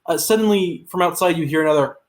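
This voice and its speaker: Low-voiced woman running a tabletop game. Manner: rambling narration with many fillers. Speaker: game master.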